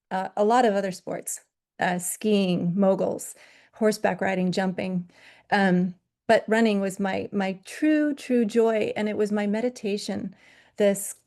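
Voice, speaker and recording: A middle-aged woman speaking at a mid-range pitch for a woman, sharing a personal story at a virtual conference. She is candid and pokes fun at herself. She pauses and uses fillers as she goes. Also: darkish tone. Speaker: yoga teacher.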